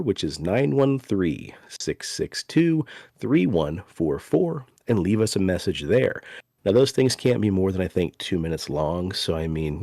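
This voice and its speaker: Podcast host: a man with a lowish voice, relaxed and chatty, on a dry, close mic. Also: no echo. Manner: loose and chatty, swears casually. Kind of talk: casual podcast chat.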